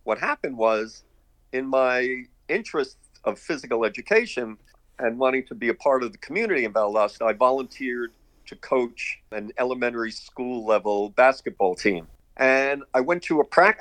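An older man from Brooklyn spins long, rambling stories from his past as a guest. He chuckles here and there, and his voice sits at an ordinary middle pitch for a man. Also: fairly bright tone, no echo. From Brooklyn, New York. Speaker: guest, artist and director. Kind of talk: casual interview storytelling.

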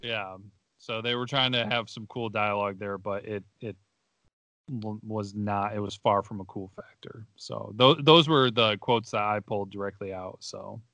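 A man's voice: on the low side, steady tone, normal speed, sharp tone, no echo. A young man co-hosting a podcast, chatting casually and laughing often as he retells movie scenes. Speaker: podcast co-host. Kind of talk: casual movie review chat.

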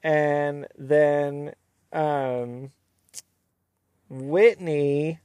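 A man hosting a casual, opinionated recap of a reality show, sometimes mimicking the cast in quick asides. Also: on the high side, fairly even intonation, darkish tone, smooth, no room sound. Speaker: recap host.

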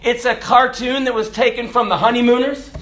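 A man delivers an energetic, folksy sermon with a high voice, breaking into laughs and shouts. He was recorded on a phone in an echoey room. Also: fairly quick. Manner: animated, folksy preaching with laughs and shouted lines. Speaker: preacher.

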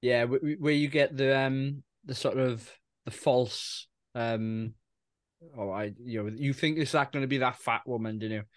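A man's voice: mid-range voice, steady tone, normal speed, dry recording, clean studio sound. A man co-hosting a casual film chat, rambling and restarting his sentences, laughing as he goes. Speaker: podcast co-host.

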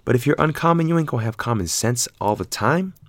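A man's voice: mid-range voice, fast talker, dry recording, clean studio sound. A man casually retelling a story, rambling and swearing freely, quoting other people as he goes. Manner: rambling, profane, animated retelling with quoted voices.

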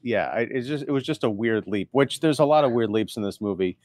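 A man's voice: mid-range voice, lively intonation, fairly quick, darkish tone, dry recording, studio quality. A man co-hosting a casual movie podcast, talking in a wry, sarcastic way with casual swearing. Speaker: podcast co-host.

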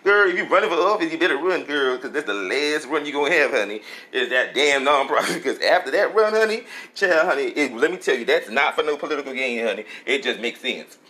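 A man's voice: on the high side, animated, fairly quick, few pauses, bright, forceful tone, reverberant, rough recording. A man delivering a sassy, campy comic gossip monologue, laughing often and calling everyone honey and girl.

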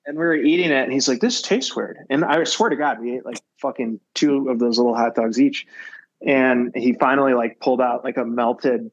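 A man's voice: medium pitch, fairly even intonation, fairly quick, dry recording, dull audio. A man on a podcast telling rambling, profane anecdotes in casual chat. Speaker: podcast co-host.

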